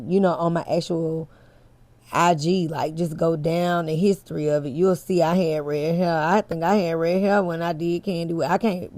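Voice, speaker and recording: A host with a lowish, slightly mellow voice and no echo runs a casual commentary chat. She speaks directly to her viewers in a candid, chatty way, swearing freely.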